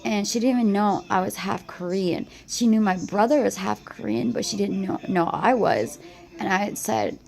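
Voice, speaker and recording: A woman crying as she records a halting, rambling confessional monologue on her phone. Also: mid-range voice, vocal fry, a little mellow, low-quality recording. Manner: halting, rambling, repeats herself. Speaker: vlogger.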